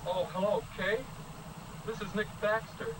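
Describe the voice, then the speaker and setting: A man's voice: high-pitched, steady tone, a little slow, far from the mic. A nervous 1950s teen boy. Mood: earnest. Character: nervous teenage boy asking a girl out, 1950s. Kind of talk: 1950s educational film acting. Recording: noisy old film soundtrack from afar.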